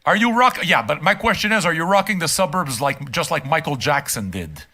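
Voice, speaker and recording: An older man holds forth in a casual rant, his voice pitched high for a man and swinging widely up and down. The tone is bright and sharp, and his delivery is heated and heavy with swearing. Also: lively intonation, fairly quick. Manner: profane, emphatic and heated. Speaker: streamer reacting to music. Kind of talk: casual ranting commentary. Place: home room.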